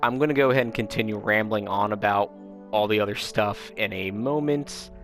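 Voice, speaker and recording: A man's voice: on the low side, brisk, fairly bright tone. A man giving rambling, self-interrupting commentary while playing a game, over game music. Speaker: gaming channel host.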